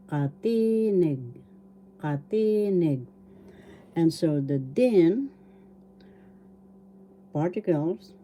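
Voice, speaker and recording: An older woman from the Philippines giving a slow language lesson, repeating each word and breaking it into syllables. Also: low voice, dark tone, a little hiss or hum. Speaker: language teacher.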